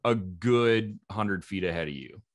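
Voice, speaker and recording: A man narrating as game master of a tabletop game, pausing and searching for words. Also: on the low side, lively intonation, crowd noise. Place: live event room.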